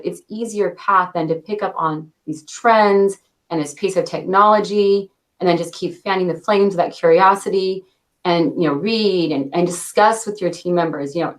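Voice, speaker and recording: A woman in her thirties answers interview questions about her work. She talks with a quick cadence and laughs lightly now and then. Her voice sits fairly low for a woman. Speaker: interview guest, product launch director.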